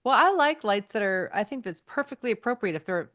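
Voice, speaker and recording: A woman's voice: medium pitch, expressive, fairly quick, fairly bright tone. A woman co-hosting a podcast in casual chat, teasing her co-hosts. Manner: teasing and chatty. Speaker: podcast co-host.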